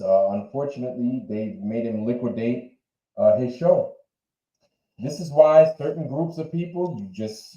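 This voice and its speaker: A man's voice: lowish voice, warm tone, echoey room, lo-fi sound. A man hosting a livestream, chatting casually and repeating himself as he reacts to clips. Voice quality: rambling and repetitive. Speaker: livestream host.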